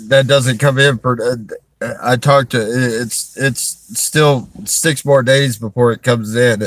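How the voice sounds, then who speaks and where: A man talking to viewers on a livestream, halting and strained, restarting his sentences and sighing, from a parked vehicle in a store parking lot. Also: medium pitch, fairly even intonation, fairly bright tone, no room sound. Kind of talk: emotional livestream talk to viewers.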